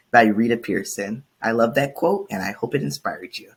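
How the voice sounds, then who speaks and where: A man co-hosting a podcast in casual chat, reading a quote out calmly. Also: medium pitch, normal speed, vocal fry, few pauses, breathy edge. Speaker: podcast co-host.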